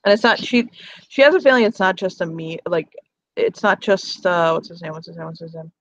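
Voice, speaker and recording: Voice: medium pitch, a little fast, a bit bright. A game narrator describing characters' actions in a tabletop game, rambling, swearing and laughing often. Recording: dull lo-fi mic, faint hiss.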